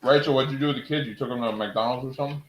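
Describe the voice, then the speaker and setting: A young man streaming from home, chatting casually with his viewers in an excitable, rambling way and laughing at himself. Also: mid-range voice, very fast, reverberant, a little hiss or hum, rough recording. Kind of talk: casual live-stream chat.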